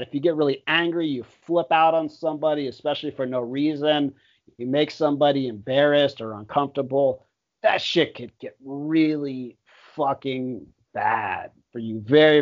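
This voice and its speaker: Young man, casual chat, laid-back, cusses constantly, slightly high pitch, dull lo-fi sound. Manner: laid-back, heavy swearing, drawn-out "man". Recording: dull lo-fi audio.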